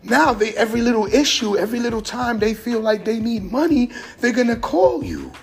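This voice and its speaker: A man's voice: extremely high pitch, sing-song, a little fast, gravelly, soft background music. A middle-aged man giving blunt, profane advice in a casual vlog monologue. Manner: blunt, profane street talk. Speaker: vlogger giving life advice.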